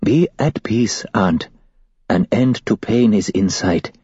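A man voicing a calm, compassionate royal figure who speaks formally in a storybook reading. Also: fairly low pitch, slow, slightly rough, dry recording, highs cut off, full character voice. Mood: gentle. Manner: gentle, formal. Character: calm commanding male royal, gentle and compassionate.

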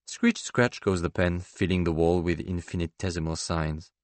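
A man narrating a literary novel in the first person, measured and restrained. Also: low voice, steady tone, no echo. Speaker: audiobook narrator.

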